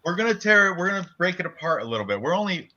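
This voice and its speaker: A man's voice: sits high, very animated, rapid-fire, a loud crowd. A man co-hosting a casual live sports betting chat, rambling through fighter records and stumbling over names. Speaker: betting podcast co-host. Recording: dull lo-fi stream audio.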